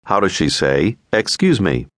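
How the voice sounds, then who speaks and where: A man narrating a scripted audio language lesson, giving prompts in a clear, measured way. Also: low voice, very animated, no echo, studio quality. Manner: clear, measured instructional delivery.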